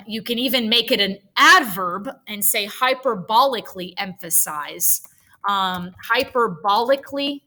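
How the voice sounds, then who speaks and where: A woman's voice: on the high side, pushed and bright. A woman tutoring writing, thinking aloud as she drafts a paragraph, chatty and self-correcting with nerdy asides.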